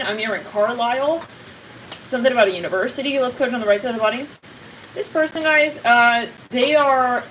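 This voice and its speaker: A woman's voice: mid-range voice, fairly bright tone, recorded from a distance, a little hiss or hum, poor audio. A woman giving a casual psychic tarot reading to her viewers, rambling and cutting herself off, blunt and now and then swearing. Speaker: tarot reader.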